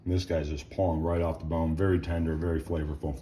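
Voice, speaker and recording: Low-voiced man tasting ribs on camera. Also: fast, a little hiss or hum. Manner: relaxed, talks while tasting food. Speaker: cooking channel host. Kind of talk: casual cooking demonstration.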